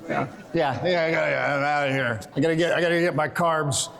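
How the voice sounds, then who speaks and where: A middle-aged man giving a conference talk, animated and joking, telling quick stories to make his points. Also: a little high, gravelly. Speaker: conference presenter. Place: conference hall.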